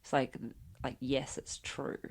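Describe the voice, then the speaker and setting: An Australian woman in casual chat as a podcast guest, explaining slang in a chatty way with lots of "like". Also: unhurried.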